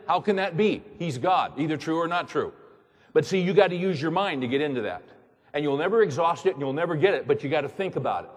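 A pastor with a voice on the high side preaches animatedly at an ordinary pace, emphatic, repeating himself, and pushing listeners with rhetorical questions. The recording carries a large hall's long reverb.

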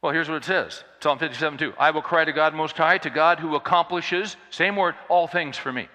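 A man preaching a sermon, swinging from loud urgent preaching to quiet storytelling. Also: on the high side, fairly quick, lo-fi sound. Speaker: pastor. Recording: long hall reverb.

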